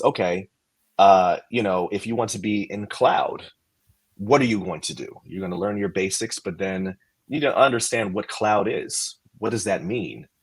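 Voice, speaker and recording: A man's voice: sits low, husky, low-quality recording. A man, a podcast guest, casually and animatedly explaining career steps, posing questions as he goes.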